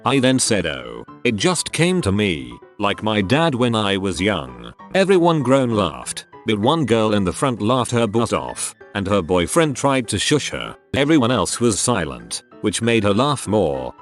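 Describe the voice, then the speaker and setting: Guy narrating stories, deepish voice, lots of ups and downs. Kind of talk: scripted narration.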